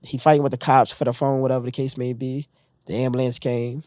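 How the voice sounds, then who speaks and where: A new man, a podcast guest, tells a story casually and fast in a medium-pitched voice, animatedly acting out other people's lines. He is recorded on a dry close mic with no echo.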